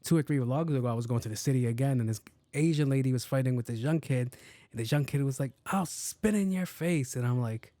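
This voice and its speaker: A man's voice: mid-range voice, steady tone, fast, dark tone, no echo. A young man, hosting a podcast and telling profane, joking stories in a casual style. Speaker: podcast host. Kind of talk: casual storytelling.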